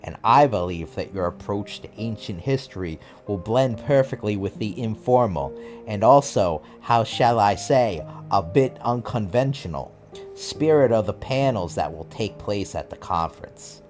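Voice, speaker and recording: A man's voice: on the low side, animated, a little slow, a little mellow, soft background music. A man reading aloud as a cordial, polished male professor from Boston, with a put-on Boston accent. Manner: polished, formal, slightly pompous.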